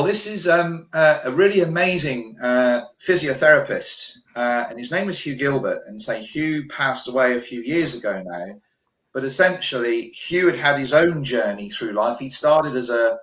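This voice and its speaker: Man, British, middle pitch, storytelling guest, lively quoted dialogue, roomy echo. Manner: animated, acts out quoted dialogue. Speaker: guest healer. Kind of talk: storytelling interview. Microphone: remote call. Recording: echoey room on a call.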